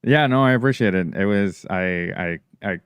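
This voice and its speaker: Podcast co-host, man, deep and smooth, casual teasing banter. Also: normal speed, no room sound, clean studio sound. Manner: joking, teasing, swears freely. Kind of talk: casual chat.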